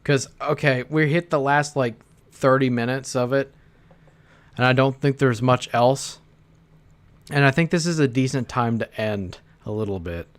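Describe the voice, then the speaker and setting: A man hosting an informal commentary. His delivery is rambling and halting, with many restarts and casual swearing. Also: medium pitch. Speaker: host.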